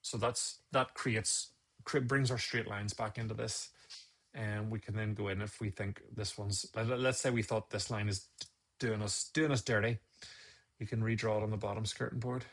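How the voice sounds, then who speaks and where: Gravelly, husky man talking through an edit. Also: fairly low pitch, steady tone, moderate pace, a bit bright. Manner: rambling, chatty, thinks aloud with restarts. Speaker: photography instructor streaming live. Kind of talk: casual live-stream tutorial.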